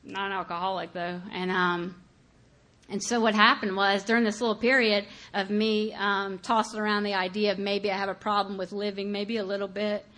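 A woman shares her own recovery story in a loose, conversational way. She pauses often on fillers and slips into quoting her past self. Her pitch sits in the usual middle range for a woman. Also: level tone, a bit bright. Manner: candid, conversational, many fillers, acts out her past thoughts. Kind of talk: personal testimony.

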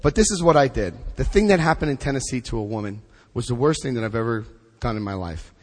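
A man telling his recovery story in a large hall, animated and acting out the dialogue. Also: quick pace. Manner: animated, acts out dialogue with big pitch jumps. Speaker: recovery speaker. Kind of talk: personal storytelling talk. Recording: echoey hall.

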